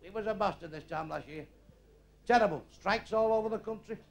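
A man's voice: high-pitched, creaky. A middle-aged man with a Manchester accent doing a crude, brash stand-up routine on a live stage. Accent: Northern English, Manchester. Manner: crude, brash joke-telling with quick asides. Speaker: stand-up comedian. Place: live club or theatre stage. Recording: roomy live venue with crowd. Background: audience laughter.

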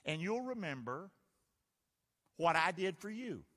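Animated preacher man in a reverberant church. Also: sits high, measured pace. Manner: animated call-and-response preaching, asks the crowd to answer. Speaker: pastor. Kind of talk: sermon. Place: church sanctuary.

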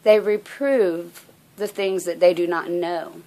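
Slow, soft-spoken woman vlogger. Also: fairly low pitch, fairly even intonation. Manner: soft-spoken, halting, earnest. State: out of breath. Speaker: religious vlogger. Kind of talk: personal faith message to camera.

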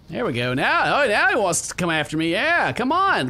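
A young man commentating his gameplay, goofy and excitable, talking back to the characters on screen. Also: high voice, normal speed. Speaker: gaming video host. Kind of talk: game commentary.

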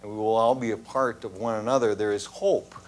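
A man's voice: lowish voice, fairly even intonation, brisk. A man preaching a sermon in a church as its pastor, in a conversational storytelling way, often checking in with the congregation. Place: church sanctuary.

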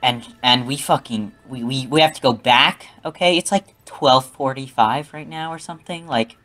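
A man's voice: mid-range voice, normal speed, pushed and bright. A young man telling a rambling, profane story in casual talk, often adding "okay?".

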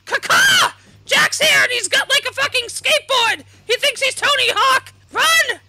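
A woman voicing a scared male enemy guard who shouts in a frantic, squealing alarm. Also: very high-pitched, unhurried, dry recording, soft background music, pitched above the performer's own voice, heavily acted. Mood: panicked.

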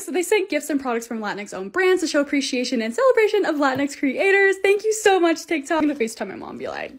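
A young woman narrating her own lifestyle vlog in a bubbly, excitable, casual way. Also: sits high, fast talker, few pauses. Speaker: lifestyle content creator.

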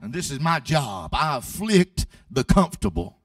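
A man preaches from a distance, his high voice rising from hushed storytelling into loud, half-sung shouts. He stumbles and repeats words as he goes. The room sounds dry and close, with no echo. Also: sing-song, normal speed, gravelly. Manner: repeats words and restarts often. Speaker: evangelist preacher. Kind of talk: sermon with storytelling.

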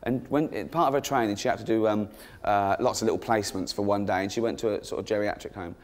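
A man's voice: on the low side, fast. Giggling man doing stand-up. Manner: cheeky, giggling, rambling asides. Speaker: stand-up comedian. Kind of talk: stand-up comedy routine. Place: comedy stage before an audience. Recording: noisy live stage recording.

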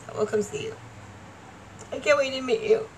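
A woman's voice: high-pitched, normal speed, slightly rough, low-quality recording. A woman vlogger talking casually to the camera, rambling and laughing often. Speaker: vlogger and stage performer.

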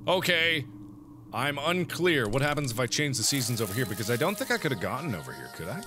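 Animated man commenting on a game. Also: medium pitch, fast talker, loud music behind the voice. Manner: animated, joking, thinks aloud. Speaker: gaming video host. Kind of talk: let's play commentary.

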